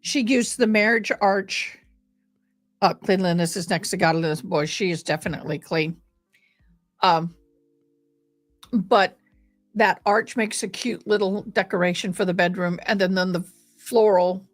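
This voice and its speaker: A woman's voice: medium pitch, unhurried, pauses often, soft background music. A woman chatting casually and affectionately as she hosts a live stream fundraiser, gushing over details while showing a game.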